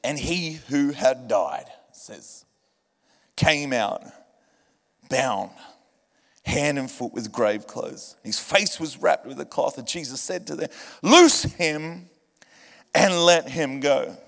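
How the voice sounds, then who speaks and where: A man preaching a sermon to a church, animated and humorous, rising to shouts at times. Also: mid-range voice, takes it slowly, gravelly. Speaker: pastor. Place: church hall. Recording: reverberant church hall with music. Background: band music.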